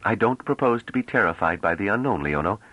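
A man's voice: lowish voice, animated, fast, pushed and bright, no room sound, rough recording. A man voicing a stern, resolute woman leader in an audiobook, speaking firmly and with command. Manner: firm, commanding. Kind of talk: audiobook character reading.

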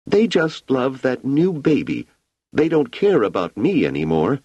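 A man voicing a sad, sulky little girl in a high, pleading child's voice. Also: huge pitch swings, unhurried, darkish tone, husky, no echo, highs cut off, full character voice.

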